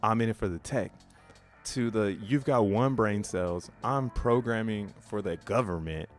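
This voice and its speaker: A man's voice: lowish voice, measured pace, faint music behind. A man casually streaming, reading social media posts aloud with profane slang and frequent laughter. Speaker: crypto streamer.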